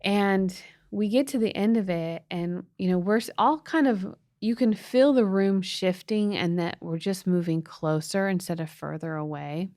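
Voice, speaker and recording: A woman's voice: mid-range voice, normal speed, few pauses, a little mellow, dry recording. Earnest storytelling mother, dry close mic. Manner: emotional, earnest storyteller with restarts. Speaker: podcast co-host, mother. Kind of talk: casual storytelling chat.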